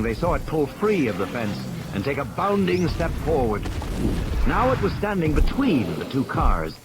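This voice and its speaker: Expressive male audiobook narrator over rain. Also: mid-range voice. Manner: expressive, rising with the tension. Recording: rain noise in background.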